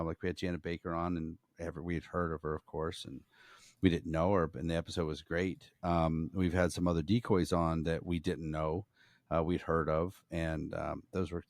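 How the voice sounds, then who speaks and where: A man's voice: sits low, darkish tone, dry recording, clean studio sound. A man co-hosting a podcast, talking casually and rambling with frequent fillers. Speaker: podcast co-host.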